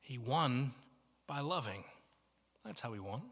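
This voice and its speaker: A man with a Midwestern American accent preaching a sermon as guest preacher, telling stories and moving between soft asides and emphatic points. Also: mid-range voice, lively intonation, measured pace. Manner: storytelling with shifts from soft to emphatic. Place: church banquet hall. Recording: reverberant banquet hall.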